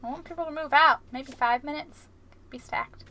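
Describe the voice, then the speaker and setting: Brief: a playful woman streamer who chats with her viewers while gaming. High, bright voice, loose and punny. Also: moderate pace. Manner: playful, punning, chatting with viewers. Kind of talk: casual live-stream chat while gaming.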